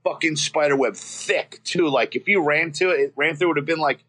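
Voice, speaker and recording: A man's voice: a little high, a little fast, a bit bright. Rambling, profane man from Florida. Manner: rambling and profane, with many restarts. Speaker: guest. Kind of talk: casual storytelling.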